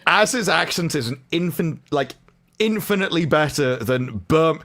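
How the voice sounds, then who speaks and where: Lively English man in casual chat. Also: fairly high pitch, unhurried. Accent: English, casual received pronunciation. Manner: chatty, explains at length with frequent restarts. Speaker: co-host.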